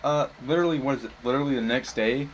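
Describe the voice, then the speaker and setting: A man's voice: mid-range voice, racing, slight background noise, low-quality recording. A young man co-hosting a casual podcast, telling stories with a laugh and acting out quotes. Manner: laughs often, storytelling with put-on quotes. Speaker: podcast co-host. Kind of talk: casual chat.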